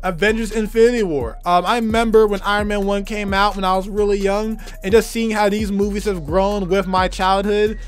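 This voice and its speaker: A young man with a hoarse, worn-out voice giving an enthusiastic, rambling movie review full of fillers. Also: sits high, fairly even intonation, fairly quick, few pauses, soft background music. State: hoarse, tired voice. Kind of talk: casual movie review vlog.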